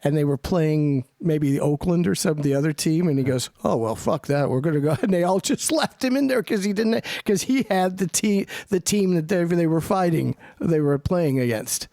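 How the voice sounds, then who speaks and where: A middle-aged man co-hosting a chat show, telling stories and teasing his partner. His voice is a bit higher than most men's and sounds dry and close to the mic. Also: expressive, normal speed, hardly any pauses, mellow, dry recording. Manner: teasing storyteller. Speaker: co-host. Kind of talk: casual chat.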